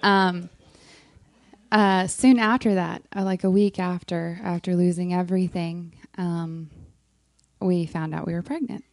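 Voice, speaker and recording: A woman with a warm, gravelly voice talks softly through a personal faith story, pausing on frequent ums. Her voice is close and dry, with no room sound around it. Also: on the low side, steady tone, no echo. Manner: soft-spoken, frequent ums, emotional. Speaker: worship leader on a moms' panel. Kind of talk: casual heartfelt testimony.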